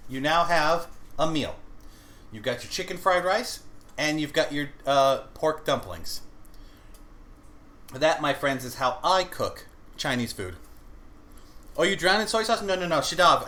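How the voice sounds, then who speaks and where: Young man, cooking livestream host, chatty, bright tone, lively pitch. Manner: chatty, talks to chat while cooking and eating. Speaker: vtuber cooking streamer. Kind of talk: casual cooking livestream chat.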